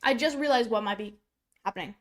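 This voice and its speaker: A woman's voice: a little high, fast talker. A woman streaming casual reaction commentary, talking bluntly and chattily with lots of fillers. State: coughing, choking on popcorn. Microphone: streaming setup.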